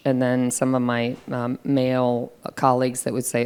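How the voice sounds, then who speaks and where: Deep-voiced American businesswoman, smooth tone. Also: flat delivery, normal speed, darkish tone. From United States. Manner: conversational, reflective, frequent fillers. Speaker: senior business leader, guest. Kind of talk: fireside chat interview.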